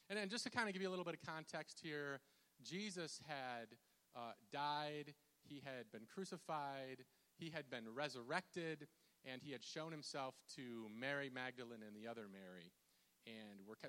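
A man's voice: a little high, sharp tone, long reverb tail. A man preaching a casual, chatty sermon as pastor, with many fillers and restarts. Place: church sanctuary.

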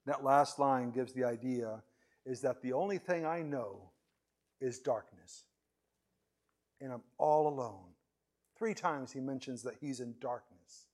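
A man preaching a sermon and reading scripture aloud, earnest and pleading, his voice swinging between loud outbursts and hushed low passages, with stammered restarts. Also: unhurried, pauses often.

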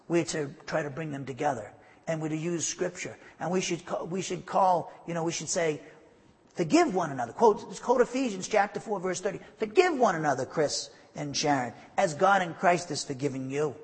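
A pastor preaching with emphatic, conversational asides, his voice a touch high and husky. The sound carries a long reverb, as in a church hall. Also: expressive, normal speed. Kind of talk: sermon.

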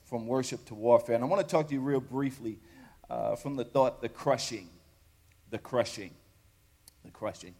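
A man's voice: medium pitch, moderate pace, pauses often, a little mellow. A male pastor preaching a sermon, repeating phrases and rising to fervor. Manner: call-and-response preaching, repetitive, rising to fervor. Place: church sanctuary. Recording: long reverb of a large hall.

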